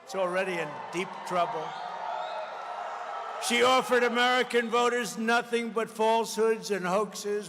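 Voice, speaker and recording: A man giving a campaign rally speech, combative and repetitive, hammering slogans with bursts of shouting. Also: high-pitched, normal speed, background noise. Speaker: political candidate at a rally. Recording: long reverb of a large rally venue.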